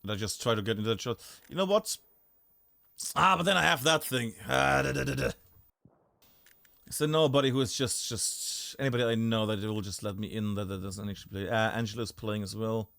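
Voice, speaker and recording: A man's voice: fairly low pitch, fast, fairly bright tone, dry recording. A man streaming a game live, chatting and thinking aloud as he looks around a map, often breaking off mid-sentence.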